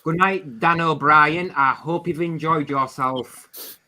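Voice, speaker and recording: A man's voice: fairly high pitch, takes it slowly, bright, forceful tone, rough recording. A man hosting a live call-in stream, explaining points steadily and speaking directly to callers. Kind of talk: casual chat.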